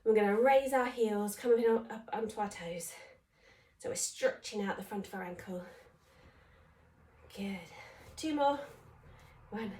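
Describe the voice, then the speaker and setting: A woman's voice: medium pitch, unhurried, mellow. Breathless woman coaching a home workout. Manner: chatty, encouraging, counting reps aloud; breathless from exercising while talking. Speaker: fitness instructor. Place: home room. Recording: echoey room, voice from a distance.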